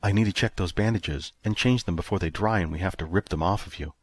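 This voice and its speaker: A man voicing a caring young woman on a spaceship crew, speaking gently but firmly in an audiobook. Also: sits low, fast talker. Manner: gentle but firm, softly spoken. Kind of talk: audiobook character reading.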